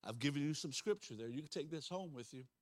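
A male pastor preaching a sermon, emphatic and out of breath, moving between loud declarations and soft asides. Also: a little high, expressive, fast talker, no room sound, clean studio sound.

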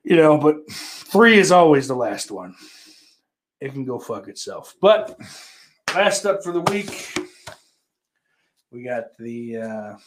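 A man rambles through a casual movie-collection vlog at an unhurried pace, swearing freely as he goes. His voice sits in a middle pitch, and his talk is offhand and meandering, full of restarts. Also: big pitch swings, a little hiss or hum. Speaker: channel host showing his movie purchases.

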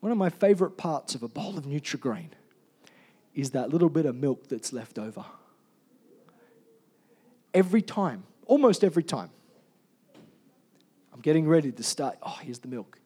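A male pastor preaching a sermon, swinging from loud emphatic calls to soft, quiet storytelling. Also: a little high, very animated, moderate pace, pauses often, husky.

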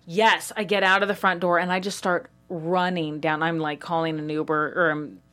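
This is a young woman comedian telling a story in a podcast chat, with a slightly low voice. She keeps it lively and jumps into other voices for the quotes. Her tone is casual and confiding. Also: moderate pace. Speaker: comedian guest.

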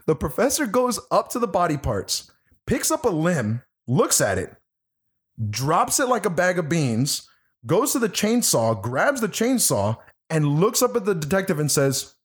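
A man recounts a film in casual chat, his voice sitting a little high. He tells it with lots of laughter and cursing. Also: moderate pace, husky. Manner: animated, profane, laughing storyteller. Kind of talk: casual movie review chat.

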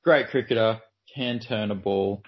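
A man's voice: on the low side, a little slow, breathy edge. A man co-hosting a podcast, chatting casually with dry humor. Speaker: podcast co-host. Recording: dull lo-fi audio.

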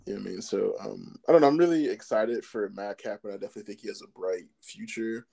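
A man's voice: on the low side, quick pace, creaky, warm tone, husky. A man co-hosting a podcast in casual chat, laid-back and agreeable, often laughing. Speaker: podcast co-host.

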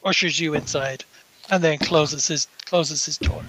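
A man narrating as game master of a tabletop game, halting and full of fillers as he describes the scene. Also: a little high, steady tone, a bit bright, a little hiss or hum, rough recording.

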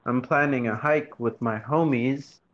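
A man chatting casually with a friend, laid-back and heavy on fillers. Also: mid-range voice. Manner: laid-back, drawn-out speech with many fillers. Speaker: friend on a call. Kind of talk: casual chat. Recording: dull lo-fi sound with faint noise.

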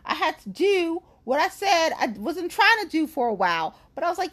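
Woman, angry venting rant, blunt and profane, higher voice, swooping lively pitch. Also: moderate pace, hardly any pauses. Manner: blunt, profane, heated, emphatic.

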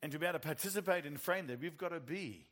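A man's voice: a little high, very fast, a bit bright. A middle-aged man with a New Zealand accent preaching a sermon, telling stories with animation and laughing at his own jokes.

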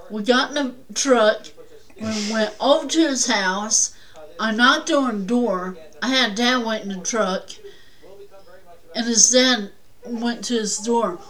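A woman's voice: a little high, a little slow, fairly bright tone, low-quality recording. A woman guest on a talk show telling a personal story in a rambling, plainspoken way.

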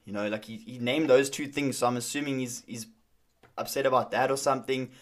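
A young man talks in an easy, conversational way, telling a story and circling back with fillers and restarts. His voice sits at an ordinary middle pitch for a man. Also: steady tone, brisk. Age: young adult. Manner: storytelling, acts out quoted dialogue, frequent fillers and restarts. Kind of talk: casual conversation.

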